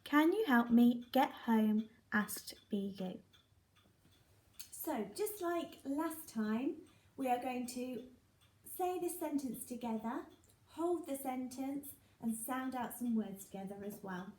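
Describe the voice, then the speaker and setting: A woman teaching young children phonics, sounding out letters and words slowly and clearly. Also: high voice, animated, a little mellow, echoey room. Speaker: primary school teacher.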